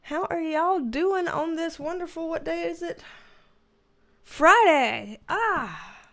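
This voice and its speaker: A woman's voice: very high-pitched, animated, slow, a bit bright. Tired, chatty woman streamer. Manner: chatty, greets viewers by name, laughs often. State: tired, yawning. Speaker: tarot reader streamer. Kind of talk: casual livestream chat.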